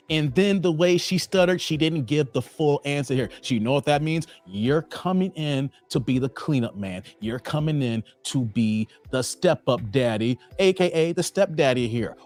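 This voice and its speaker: A man with a somewhat high voice that swoops up and down as he drives his points home. He talks in a casual, emphatic commentary style, like a reaction host lecturing his viewers, with faint music under him.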